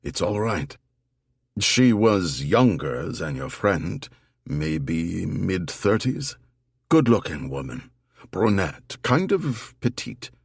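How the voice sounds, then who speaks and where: A hesitant, apologetic German shopkeeper, as a male narrator voices him. He is low-pitched and unhurried, and his lines rise and fall with feeling. He stays polite and sympathetic throughout. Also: big pitch swings, gravelly, slightly rough, no echo, studio quality, exaggerated voice.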